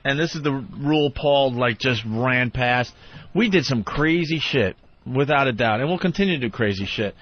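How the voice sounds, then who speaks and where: Candid cursing male radio host. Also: a little high. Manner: candid, profane, frustrated. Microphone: studio microphone. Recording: muffled radio broadcast.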